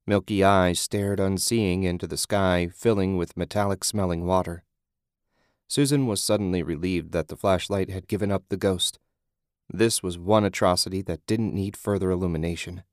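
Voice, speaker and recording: A man reading a horror audiobook in a measured, grim, descriptive narration. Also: low voice, steady tone, dry recording, studio quality.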